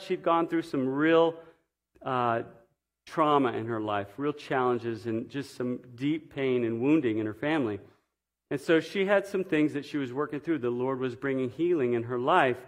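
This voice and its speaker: Man, middle-aged, sermon storytelling, fairly high pitch, earnest, emphatic to hushed. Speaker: pastor.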